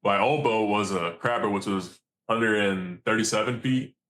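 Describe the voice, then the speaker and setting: A man, a commercial fisherman, telling stories in a casual, animated and profane way. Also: on the low side, moderate pace. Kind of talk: casual storytelling.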